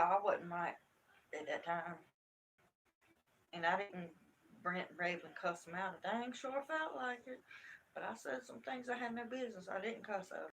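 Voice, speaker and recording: A middle-aged woman hosting a live stream from home, telling a story in an animated, emphatic, folksy way. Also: mid-range voice, vocal fry, a little hiss or hum. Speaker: crochet channel host.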